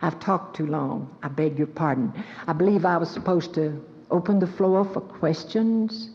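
A woman in her seventies from the Southern United States speaks in a deep voice at a moderate pace, telling folksy, self-mocking stories to a live audience in an auditorium. She is a guest speaker who also takes questions, and the lo-fi recording picks up the reverberant hall.

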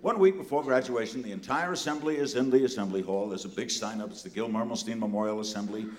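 A man's voice: fairly low pitch, fast. An older man from New City, telling a comic story to a live audience in a punchy way, full of asides. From New York City. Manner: animated, punchy delivery with asides.

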